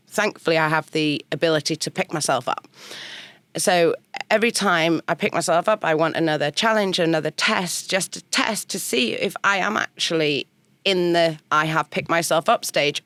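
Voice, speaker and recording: Woman podcast guest, animated storyteller, dry close sound. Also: on the low side, dry recording. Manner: animated, acts out her own past dialogue. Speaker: guest songwriter. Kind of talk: conversational storytelling. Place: podcast studio.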